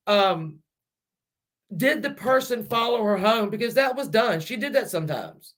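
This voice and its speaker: A man's voice: high voice, expressive, measured pace, fairly bright tone. A man hosting a true-crime channel who speculates aloud in a casual, rambling way, with many restarts and fillers, and who talks straight to his viewers.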